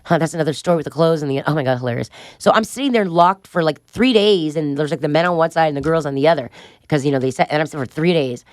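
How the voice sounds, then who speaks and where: A woman in middle age rattles off a chaotic tale at a brisk clip, blunt and profane, laughing at her own story. Her voice is close and dry, with no room sound around it. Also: deep voice, no echo. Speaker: guest. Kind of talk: candid storytelling interview.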